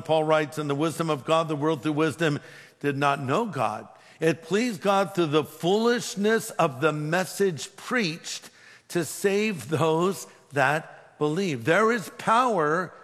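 A man's voice: a little high, fairly bright tone. A man who is a pastor, preaching a sermon with emphatic delivery and humorous storytelling. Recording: long hall reverb.

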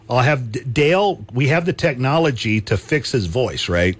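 Guy hosting talk radio, chatty, laughs a lot, repeats stuff, middle pitch. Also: lively intonation, unhurried, hardly any pauses. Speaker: radio talk show host. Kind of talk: casual talk radio chat.

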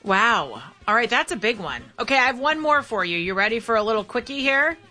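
A woman hosting a talk radio show, upbeat and brisk as she takes calls. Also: a little high, big pitch swings, sharp tone, faint music behind.

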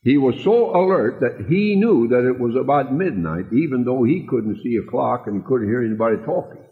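A man's voice: mid-range voice, animated, moderate pace. A man preaching a sermon, telling an emotional story in an earnest way. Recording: tinny phone-like sound in echoey hall.

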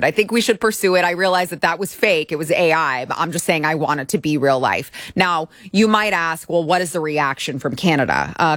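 A woman's voice: fairly low pitch, fairly bright tone, no echo, studio quality. A woman hosting an opinion talk show, giving commentary in a sarcastic, mocking way. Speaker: show host.

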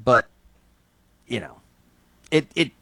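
A man's voice: mid-range voice, very animated, slow, gravelly, fairly bright tone, no room sound. A man from Scotland co-hosting a casual talk show, giving thoughtful, rambling opinions. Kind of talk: casual chat.

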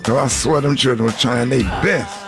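A man with a middle-pitched voice teases his co-host and rambles through a joking story on morning radio. Music plays behind him in the studio. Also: moderate pace. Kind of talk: comedic radio banter.

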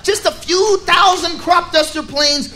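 A man doing a stand-up comedy set, ranting loudly and profanely in a rowdy manner. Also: very high voice, a little slow. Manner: rowdy, profane, shouting rants. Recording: live club with crowd and noise.

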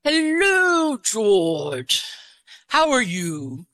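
A woman with a deep voice for a woman, using a put-on English accent as a mystery guest, hesitant and halting with many restarts. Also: wildly swooping pitch, fairly bright tone, no echo. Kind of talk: call-in guessing game, disguising her voice.

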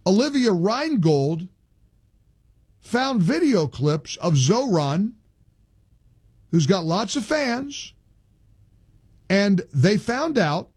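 A man's voice: sits high, very animated, very slow, long pauses, a little mellow, husky, dry recording, clean studio sound. A male talk show host giving indignant, emphatic political commentary, often restarting his sentences.

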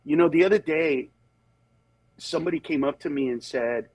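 A stand-up comedian, male, tells stories in relaxed conversation, mimicking other people's voices and growing earnest and measured when topics turn serious. His voice sits a little high with a darkish tone, and there's no room sound.

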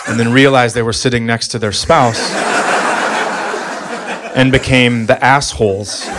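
A man's voice: medium pitch, measured pace. A man in his thirties doing a stand-up comedy set, telling exasperated stories about family life on stage. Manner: exasperated, animated storytelling with voiced quotes. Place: stage before a laughing audience. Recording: live club recording with clear ambient noise.

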